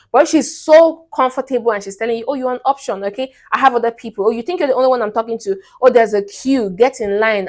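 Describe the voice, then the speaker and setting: A young woman hosting a relationship advice vlog, speaking bluntly and emphatically and often checking in with listeners. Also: medium pitch.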